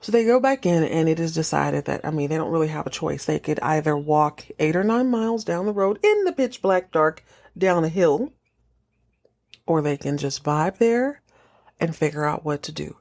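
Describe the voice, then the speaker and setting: A woman hosting a podcast, recapping a TV episode in casual chat, jokey and animated, acting out the characters' lines. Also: fairly low pitch, normal speed.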